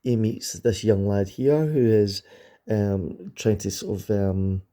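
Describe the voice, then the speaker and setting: Rambling enthusiastic man, mellow voice. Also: fairly low pitch, slow pace. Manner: rambling, enthusiastic, frequent ums and restarts. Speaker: comic book reviewer. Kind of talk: casual comic review vlog.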